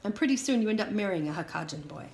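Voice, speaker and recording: A woman reading aloud as a stern, furious immigrant father who lectures his daughter loudly. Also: mid-range voice, animated, brisk, natural voice. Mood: angry scolding. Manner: loud, scolding lecture. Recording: roomy echo, faint hiss.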